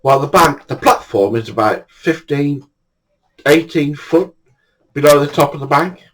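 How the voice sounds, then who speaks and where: A man's voice: a little high, animated, a little slow, a bit bright, poor audio. An older man telling true stories in a chatty way, often breaking into laughter. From England. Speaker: storyteller. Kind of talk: casual anecdote telling.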